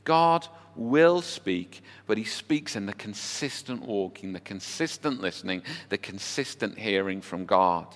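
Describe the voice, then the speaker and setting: Preacher in an echoing hall. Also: male voice, on the low side, expressive, unhurried, hardly any pauses. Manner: conversational, asks the congregation rhetorical questions. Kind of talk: sermon. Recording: long hall reverb with faint music.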